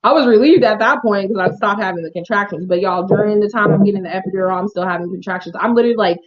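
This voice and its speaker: A woman's voice: mid-range voice, rapid-fire. A young woman vlogger telling her birth story in a chatty, emotional way, often talking straight to her viewers. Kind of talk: casual storytelling to camera. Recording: dull lo-fi home video sound.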